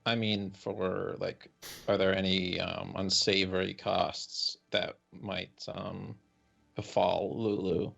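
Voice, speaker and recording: A man playing a tabletop role-playing game, cautious and hesitant as he talks. His voice is deep and heavily gravelly, with little pitch movement. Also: level tone, takes it slowly, a bit bright, soft background music. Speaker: player. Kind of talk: tabletop role-play chat.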